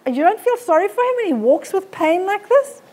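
A woman's voice: extremely high pitch, big pitch swings, brisk, dark tone. A middle-aged woman, giving a blunt, forthright live health talk to an audience on a handheld mic. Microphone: handheld microphone.

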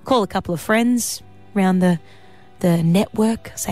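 A woman hosting a radio show from the studio, chatty and bubbly with quick laughs. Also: mid-range voice, a little mellow, soft background music. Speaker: radio host. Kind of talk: casual radio chat. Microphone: studio mic.

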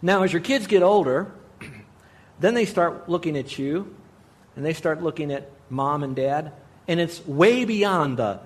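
A man's voice: fairly high pitch, animated, unhurried. Earnest man preaching conversationally. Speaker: pastor. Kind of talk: radio sermon.

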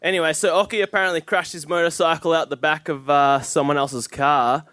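A young man asks the panel a question from the audience. He hesitates and fills gaps with ums and uhs. His voice is notably high for a man. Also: fairly even intonation, brisk, fairly bright tone, dry recording. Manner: hesitant, with fillers. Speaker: audience member asking a question.

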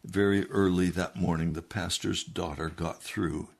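Male pastor, sermon, impassioned, husky voice, gravelly edge. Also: low voice, steady tone, unhurried. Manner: impassioned, building to loud emphatic pleading. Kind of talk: sermon, reading a book aloud and preaching.

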